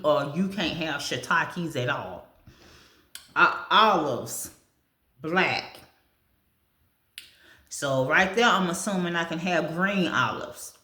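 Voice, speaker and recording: A woman chats casually on camera while she eats breakfast, going down a food list and adding her own comments. Her voice sits a little low and she talks at an unhurried pace. The room around her is echoey. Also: sharp tone. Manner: chatty, reads a food list aloud and comments on it; talks with her mouth full. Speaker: vlogger. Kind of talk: casual chat while eating.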